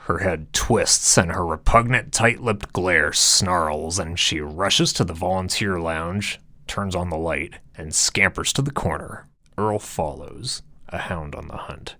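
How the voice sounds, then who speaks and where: A man's voice: deep voice, expressive, slow pace, sharp tone, no echo, clean studio sound. A man narrating a comedic story in a grandiose, mock-heroic, theatrical way. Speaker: audiobook narrator and author.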